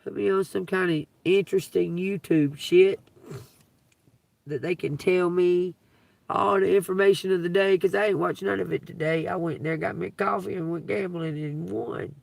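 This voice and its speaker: Gravelly woman telling stories on a stream. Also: fairly low pitch, fairly even intonation, normal speed, no room sound, distant mic. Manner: profane, laughing, swings into loud outbursts. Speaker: livestream host. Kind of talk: casual livestream storytelling. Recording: dry, from away from the mic.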